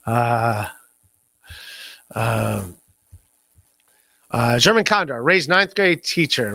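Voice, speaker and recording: A man's voice: mid-range voice, sing-song, slow, pauses often, sharp tone, no echo. A man hosting a casual podcast livestream, rambling and self-deprecating as he reads chat messages, laughing often and stammering on repeated words. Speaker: podcast host.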